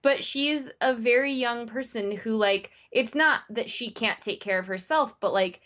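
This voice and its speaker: Podcast cohost lady recapping a show, chatty and animated, kinda dull lo-fi sound. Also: fairly high pitch, normal speed. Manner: animated retelling, many "like" fillers. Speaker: podcast co-host. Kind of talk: casual recap chat.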